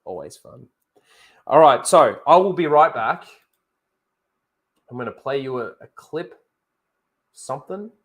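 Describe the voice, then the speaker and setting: A man's voice: medium pitch, animated, unhurried, pauses often, fairly bright tone. A man hosting a casual livestream, rambling, correcting himself and talking straight to his viewers. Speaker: livestream host.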